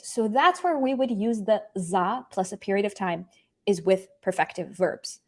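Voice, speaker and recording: A young woman teaching a language lesson online, animated and emphatic, often repeating her key points. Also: fairly high pitch, normal speed.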